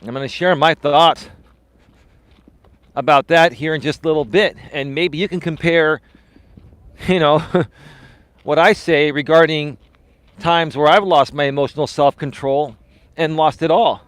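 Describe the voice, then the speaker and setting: Male life coach, earnest motivational walk-and-talk streamer, slightly high voice, dry close sound. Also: a little slow, long pauses, no echo. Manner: earnest, repetitive, motivational, addresses viewers as folks. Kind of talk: casual live-stream talk while walking. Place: outdoors, walking.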